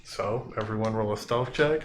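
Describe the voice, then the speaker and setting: A man narrating as dungeon master of a tabletop game, unhurried, with many fillers. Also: lowish voice, roomy sound, a crowd in the background.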